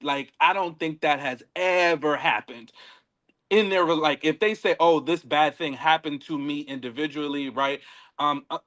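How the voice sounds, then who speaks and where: Animated bright-voiced man recapping with laughter. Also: fairly high pitch, moderate pace. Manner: animated, laughs often, repeats words. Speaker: podcast co-host. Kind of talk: casual reality-show recap chat.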